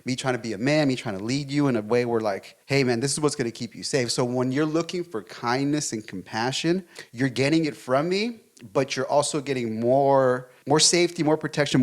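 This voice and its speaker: A man co-hosting a relationship podcast, debating his partner in a fast, emphatic way and swearing freely. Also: medium pitch. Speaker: podcast co-host.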